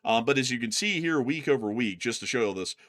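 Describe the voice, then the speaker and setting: A man's voice: medium pitch, expressive, a little fast, a bit bright. A man co-hosting a live stream, answering viewer questions in a casual, conversational way with frequent fillers and restarts. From United States.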